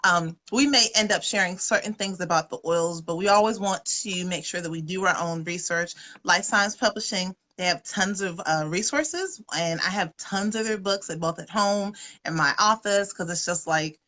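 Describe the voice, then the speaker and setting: A woman talks casually into her webcam, folksy and chatty, with plenty of fillers. Her voice is bright and a little sharp, and it sits slightly low. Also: moderate pace, few pauses. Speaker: wellness presenter. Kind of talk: casual livestream presentation.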